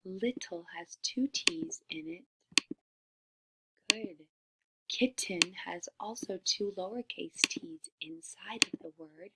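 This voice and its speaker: Slow, whispery woman teaching small children. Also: on the low side, very noisy. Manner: slow, drawn-out, over-enunciated words; often drops to a whisper. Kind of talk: teaching young children a reading lesson.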